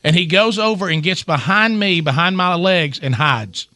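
A middle-aged man hosting a radio show tells a long family story in casual chat, an animated storyteller who restarts often. His voice sits high at normal speed, with no room sound.

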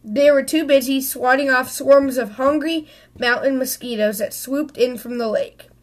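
Woman reading a bear-family picture book aloud, high voice, lively, trips over a word now and then. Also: moderate pace. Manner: expressive, with small slips and restarts. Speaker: storybook reader.

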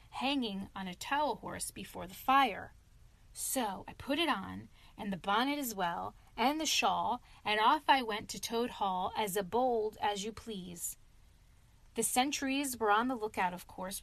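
A woman voicing a cheerful little male mole in a storybook reading, telling his tale in a lively, chatty way. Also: fairly high pitch, no echo.

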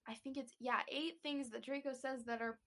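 A woman's voice: sits high, steady tone, moderate pace, a bit bright. A woman co-hosting a podcast in casual chat, chatty and giggly, saying "like" often. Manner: chatty, giggly, says "like" a lot. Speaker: podcast co-host.

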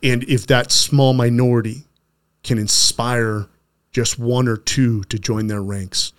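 A man's voice: mid-range voice, fairly even intonation, slow pace, clear, resonant tone. A middle-aged man hosting a conversational interview, speaking earnestly and often stopping to restart his sentences. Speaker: podcast host.

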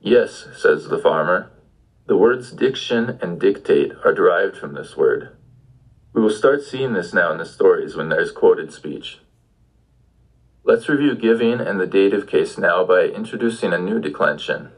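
A man's voice: low voice, expressive, a little slow, husky, rough recording. A man giving an audio language lesson, patiently prompting the listener with questions. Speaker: language teacher.

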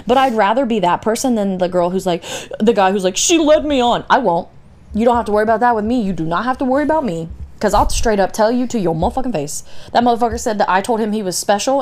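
A woman's voice: medium pitch, a little mellow. A young woman chats casually on a podcast. She tells stories bluntly and swears freely, and she laughs often as she talks. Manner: blunt, profane storytelling with frequent laughs. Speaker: podcast co-host. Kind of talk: casual chat. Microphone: phone.

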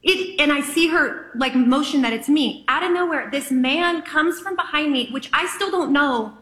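Woman, 30s, high and bright, animated storyteller, slightly echoey room. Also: normal speed. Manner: lively, acts out her own reactions with big pitch jumps. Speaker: guest telling a story. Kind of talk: animated anecdote.

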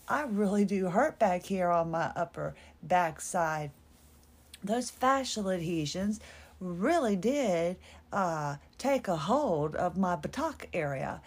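A woman's voice: medium pitch, animated, a little slow, a little mellow, slightly rough. A woman hosting a solo podcast, chatting in a rambling, nostalgic, self-mocking way and trailing off mid-thought. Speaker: podcast host.

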